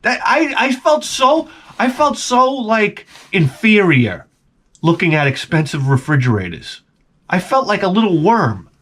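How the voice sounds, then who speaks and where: A man's voice: sits high, big pitch swings, measured pace, fairly bright tone. A man telling a profane, exasperated story in casual vlog style. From Long Island, New York. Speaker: vlogger.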